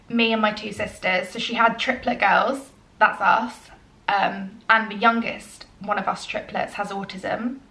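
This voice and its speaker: Young female vlogger, casual and earnest, filler-heavy, echoey room sound. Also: mid-range voice. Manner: chatty, earnest, frequent ums, turns soft and emotional. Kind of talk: casual get-to-know-me Q&A.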